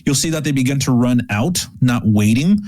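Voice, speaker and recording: Relaxed male game master narrating. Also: medium pitch, normal speed. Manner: loose, with fillers and restarts.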